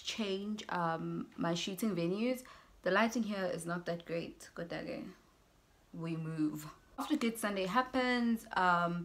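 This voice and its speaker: Bright-voiced South African young woman. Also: mid-range voice. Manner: animated, switches into Zulu phrases, acts out both sides of conversations. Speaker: YouTuber. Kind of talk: casual storytime vlog.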